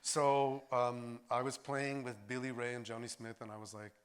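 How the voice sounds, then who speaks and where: An older actor and filmmaker, a man, telling stories in a lively way at a post-screening discussion, acting out voices as he goes. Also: medium pitch, normal speed, smooth. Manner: animated storyteller, acts out voices. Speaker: actor and filmmaker, interview guest.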